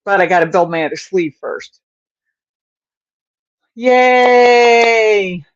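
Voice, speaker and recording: Speaking a little fast in a fairly low, steady voice, a woman runs a casual crochet livestream where she chats with viewers and mutters to herself as she stitches. She's distracted, often apologetic, and yawns. The lo-fi audio has no room sound.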